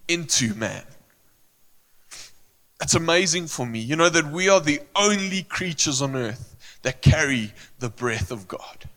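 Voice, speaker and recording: A man preaching slowly and earnestly, his bright, forceful tone ringing out with lingering reverb from a church hall. He repeats phrases and pauses to search for words, and he sounds emotional. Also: a little high. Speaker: pastor. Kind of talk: sermon.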